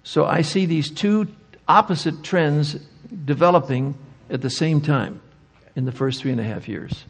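Older male conference speaker, gravelly, slightly raised pitch, emphatic rhetorical style. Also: unhurried. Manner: emphatic, asks rhetorical questions. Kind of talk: lecture answering audience questions. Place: conference hall.

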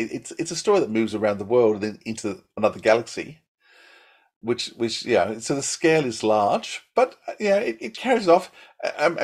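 An older man as a podcast guest, reviewing in a rambling, halting way full of restarts. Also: fairly low pitch. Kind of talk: casual review chat.

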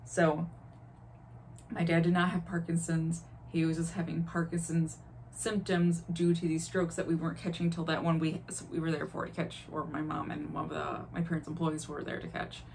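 Woman, 30s, from the Chicago area, slightly low voice, casual and candid vlogger who acts out quotes. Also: little pitch movement, normal speed, creaky, darkish tone, slight background noise. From Chicago area, Illinois. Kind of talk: casual life-update storytelling.

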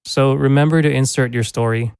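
A man's voice: medium pitch, fairly even intonation, brisk, creaky, a little mellow, clean tone, no echo. Man reading a lecture, dry close mic. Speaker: teacher presenting a lesson. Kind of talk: scripted lecture narration. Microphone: studio condenser microphone.

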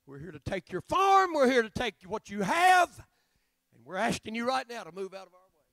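A man voicing a smug male raider leader who makes threats in a low, measured way. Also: sing-song, sharp tone, dry recording, clean studio sound, exaggerated voice. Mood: menacing.

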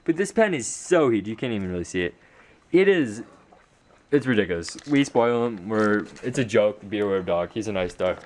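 A man's voice: fairly low pitch, lively intonation, fairly quick. A teenage boy chatting casually in a home vlog, rambling and mocking himself, tired after sports practice. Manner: rambling, self-mocking, many fillers. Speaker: vlogger.

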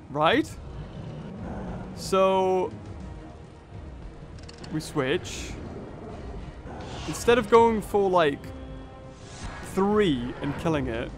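A young man commentating on a mobile game he is playing, thinking aloud through each move and exclaiming at big hits. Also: on the high side. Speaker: gaming channel host. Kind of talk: let's play commentary.

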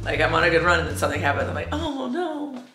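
A woman's voice: low voice, flat delivery, racing. Woman vlogger, chatty, self-mocking, short of breath from a cold, echoey room, music playing behind. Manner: chatty, self-mocking, acts out her own past thoughts. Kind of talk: casual vlog chat. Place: at home.

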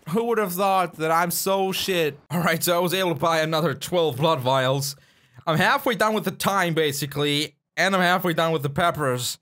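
A young man doing gameplay commentary while eating hot peppers, pained and coughing, swearing and groaning. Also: sits high. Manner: swearing, yelling and groaning in pain. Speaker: gaming YouTuber.

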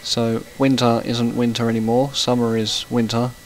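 A man's voice: medium pitch, level tone, normal speed, slight background noise, low-quality recording. Rambling man chatting while gaming. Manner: rambling and chatty, breaking off to react to the game. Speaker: gaming channel host. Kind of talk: casual let's-play commentary.

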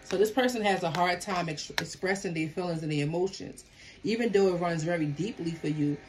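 A woman's voice: lowish voice, brisk, noisy background. A woman giving a casual tarot reading, talking emphatically to viewers. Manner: animated, emphatic, talks back to the cards. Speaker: tarot reader.

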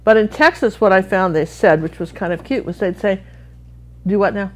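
A woman's voice: mid-range voice, lively intonation, fairly quick. A middle-aged American woman from Washington State, giving a chatty, rambling live painting lesson full of friendly asides. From Washington State, USA. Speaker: art instructor.

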